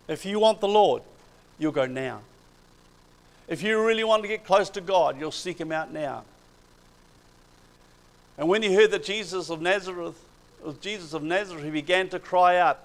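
Male preacher, slightly high, gravelly voice, animated sermon delivery. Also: poor audio. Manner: retells Bible stories with animated emphasis.

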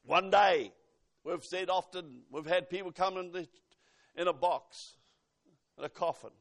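A man preaching a fervent sermon to a congregation, swinging between loud exhortation and hushed asides. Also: high-pitched, a little slow, creaky.

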